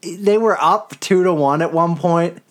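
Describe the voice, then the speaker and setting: A man's voice: a little high, a little slow. Rambling young man talking hockey. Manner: rambling, animated, laughs often. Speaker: podcast co-host. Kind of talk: casual hockey chat.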